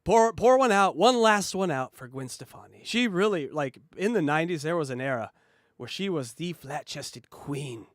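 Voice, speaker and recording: A man co-hosting a comedy podcast, riffing loudly and mockingly over clips with jokey commentary. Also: on the high side, expressive, moderate pace, no echo, studio quality. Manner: loud, mocking, jokey fake translations.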